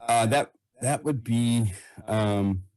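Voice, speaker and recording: Man, interview guest, halting, self-deprecating, mid-pitched, casual. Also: a little mellow, smooth, poor audio.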